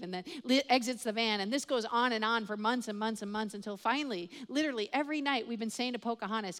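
A woman's voice: fairly high pitch, a little fast. A middle-aged woman preacher telling a story in a sermon, acting out the voices of the people in it. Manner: animated storyteller acting out dialogue. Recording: long hall reverb.

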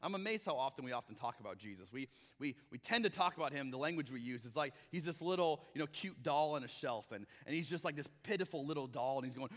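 Bright-voiced man preaching in a hall. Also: mid-range voice, expressive, fast. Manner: conversational, acts out quoted voices. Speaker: pastor. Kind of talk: sermon.

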